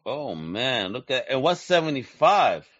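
Excitable slang-talking male interview host. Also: medium pitch, measured pace, dry recording, muffled recording. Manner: slangy, excitable, hype-driven. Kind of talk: casual interview chat.

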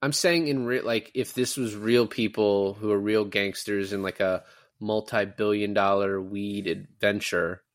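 A man's voice: lowish voice, measured pace, no echo, clean studio sound. A man co-hosting a casual movie podcast, rambling and acting out lines from scenes. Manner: rambling, quotes movie lines in lively put-on voices. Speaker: podcast co-host.

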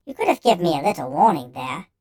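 A man reading a storybook, voicing a three-inch male homunculus with a high, thin, strained voice. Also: very animated, fast, darkish tone. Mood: indignant.

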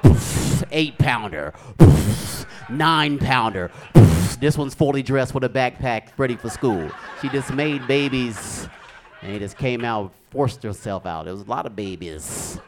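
A man doing stand-up comedy, telling animated stories with sound effects on stage. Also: medium pitch, normal speed, noisy background.

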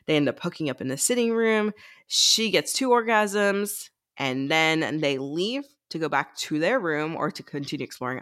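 A woman's voice: low voice, fairly bright tone. A woman co-hosting a podcast, leading a casual book-club chat and recapping the plot with quoted lines from the characters.

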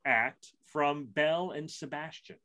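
A man in his forties co-hosting a casual podcast chat, rambling and self-mocking with quick bursts and restarts. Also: a little high, sharp tone. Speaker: podcast co-host.

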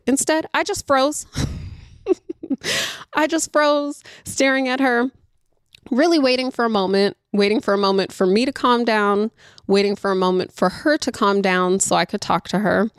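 Chatty mom telling a parenting story. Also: female voice, on the high side, normal speed, clean tone, no room sound, studio quality. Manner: chatty, animated, talks straight to listeners. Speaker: homeschooling mother. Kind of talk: casual storytelling monologue.

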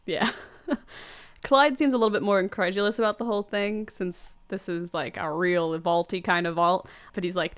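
Smooth-voiced woman recapping a film. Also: mid-range voice, lively intonation, normal speed, a bit bright. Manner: recaps the plot with frequent laughs and fillers. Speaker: podcast host. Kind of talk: casual movie podcast chat.

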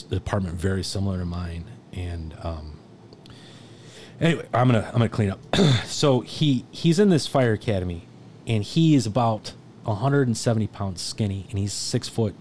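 Rambling, profane firefighter man, low voice. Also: darkish tone, a little hiss or hum. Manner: profane, rambling, many restarts and fillers. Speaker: firefighter instructor. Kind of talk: casual storytelling.

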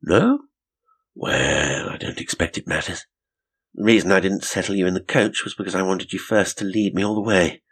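A self-assured young detective from an old mystery, quiet but commanding, quick with a dry remark, as a narrator puts him on. The voice is low and husky. He talks briskly and in control. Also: animated, full character voice. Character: cool, confident young male detective.

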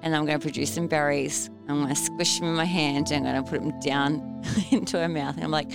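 A woman's voice: sits low, fast talker, gravelly, over music. Giggly woman narrating her game moves. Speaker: tabletop game player. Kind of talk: casual role-play chat.

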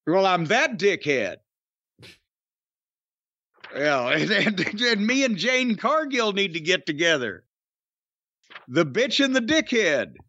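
A man's voice: sits high, sing-song, slow, long pauses, sharp tone, no echo, highs cut off. A middle-aged man hosting a podcast in casual chat, given to blustery, profane, grumbling rants. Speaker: podcast host.

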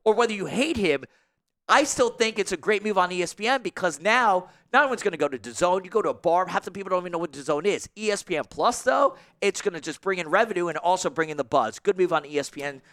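A man's voice: high-pitched, expressive, fast talker, a bit bright. A man in casual sports talk, ranting animatedly as a guest columnist.

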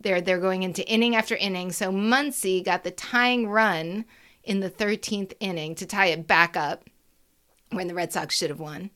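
A woman co-hosting a casual sports podcast, telling stories in a chatty, animated way. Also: mid-range voice, normal speed. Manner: chatty, animated storytelling with frequent "like" and laughs. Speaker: podcast co-host.

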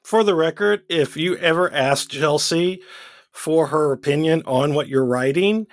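A man's voice: on the high side, measured pace. A man co-hosting a podcast in casual chat, laughing easily and explaining things at length. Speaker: podcast co-host.

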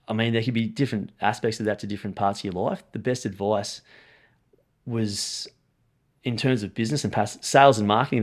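A young Australian man talking energetically as a podcast guest, saying mate often. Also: medium pitch. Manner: energetic, talks fast, says mate often. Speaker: podcast guest, strength and conditioning coach. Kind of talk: casual interview chat.

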